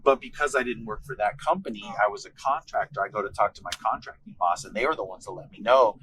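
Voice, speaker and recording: A man in his thirties telling a story in casual chat, animated and swearing freely, acting out what his bosses said. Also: lowish voice, fast talker, background noise. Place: car.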